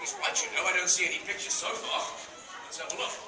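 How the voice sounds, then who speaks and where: A man's voice: high voice, huge pitch swings, fast talker. A man reading a silly picture-free book aloud to children, theatrical and mock-reluctant as he plays to the crowd. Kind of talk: playful read-aloud to children. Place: public library room with children. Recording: echoey room recorded from a distance, with children's noise.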